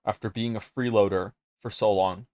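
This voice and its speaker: A man's voice: on the low side, steady tone, moderate pace, a little mellow, no echo, clean studio sound. A young man streaming, chatting loosely with his viewers, rambling and reading their messages aloud, sometimes flustered. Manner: rambling, reads chat aloud, gets flustered. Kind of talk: casual chat with viewers.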